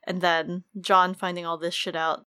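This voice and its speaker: A woman's voice: lowish voice, little pitch movement, normal speed, pushed and bright, clean tone. A woman co-hosting a casual book discussion, chatty, full of likes and casual swearing. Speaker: podcast co-host.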